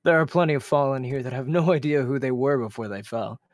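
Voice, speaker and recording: A man doing a kindly bespectacled mentor who speaks in measured, encouraging tones and often chuckles. His voice is dry and close, sitting a little higher than everyday talk. He is patient and warm-hearted. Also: no echo, lightly acted. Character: calm, kindly male mentor with glasses.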